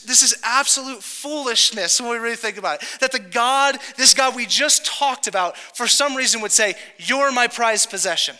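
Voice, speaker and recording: Male pastor, high, bright voice, casual joking preacher, reverberant hall. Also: smooth. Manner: casual, joking preacher who acts out quotes. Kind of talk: sermon.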